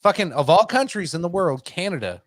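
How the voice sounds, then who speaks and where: A man's voice: high-pitched, very animated, brisk, no echo. A man co-hosting a livestreamed podcast, crude and swearing heavily in casual banter. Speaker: podcast co-host.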